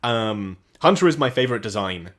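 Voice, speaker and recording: A man's voice: fairly low pitch, animated, brisk, fairly bright tone. A man co-hosting a casual livestream, chatting with enthusiasm and reading out viewer comments. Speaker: livestream co-host.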